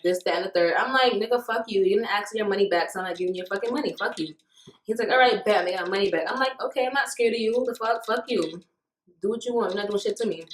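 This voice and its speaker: A young woman in college casually telling a story to camera, swearing freely and acting out what people said. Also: medium pitch. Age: young adult. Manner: animated, profane, acts out quoted lines. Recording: echoey room with faint noise.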